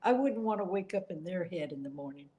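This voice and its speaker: A woman's voice: on the low side, expressive, fairly quick, a crowd in the background, poor audio. A middle-aged woman answering interview questions in an earnest, emotional way, now and then apologizing for getting upset. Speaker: interview guest.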